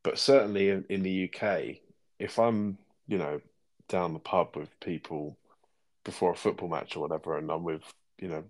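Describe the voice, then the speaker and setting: A man's voice: low voice, moderate pace. A man from the UK, co-hosting a podcast in a reflective, rambling casual chat full of fillers. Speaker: podcast co-host.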